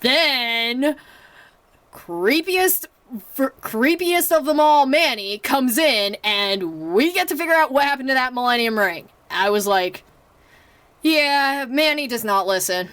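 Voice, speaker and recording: A woman's voice: high-pitched, lively intonation, takes it slowly, fairly bright tone, no echo. A young woman casually reviewing a movie at home, chatty and rambling with lots of fillers and restarts, acting out her own reactions.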